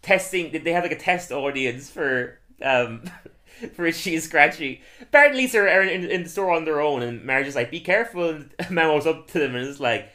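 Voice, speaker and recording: A man co-hosting a casual chat, animated and laughing often as he acts out quotes. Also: fairly high pitch, normal speed. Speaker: podcast co-host.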